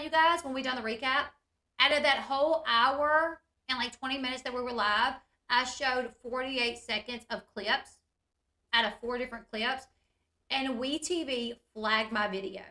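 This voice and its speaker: Woman, casual show recap, chatty, talks to viewers, bright tone, a bit high. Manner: chatty, addresses viewers as "you guys", lots of "like". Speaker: reality TV recap YouTuber.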